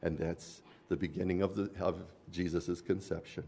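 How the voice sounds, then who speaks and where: A man's voice: deep voice, little pitch movement, normal speed, creaky, dark tone, a little hiss or hum. A man preaching a sermon, explaining scripture in an earnest teaching tone.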